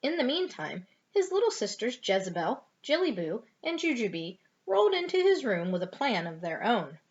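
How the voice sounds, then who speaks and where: A woman's voice: fairly high pitch, sing-song, moderate pace. Sing-song grandmother reading aloud. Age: older. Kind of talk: reading a picture book aloud. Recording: dull lo-fi home recording.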